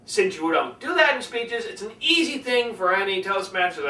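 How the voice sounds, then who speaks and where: Animated, bright-voiced man teaching speaking. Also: high-pitched, moderate pace, hardly any pauses, roomy sound, recorded from a distance, slight background noise, rough recording. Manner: animated, demonstrates tones by acting them out. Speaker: public speaking coach. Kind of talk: speaking-skills lesson.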